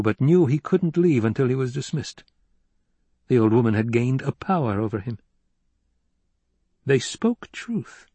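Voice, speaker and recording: A man narrating a novel as an audiobook in an even, unhurried storytelling manner. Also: medium pitch, no echo. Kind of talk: scripted narration.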